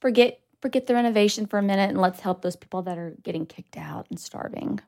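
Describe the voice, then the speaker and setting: A woman's voice: mid-range voice, fast talker, gravelly, darkish tone. A woman co-hosting a podcast in casual chat, joking and bantering playfully into a studio microphone. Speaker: podcast co-host.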